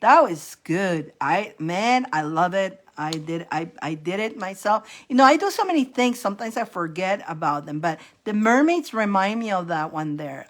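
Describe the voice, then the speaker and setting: A woman hosting a casual live-stream spiritual reading. She is chatty and animated, repeats herself and laughs often. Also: on the low side. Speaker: host giving psychic readings.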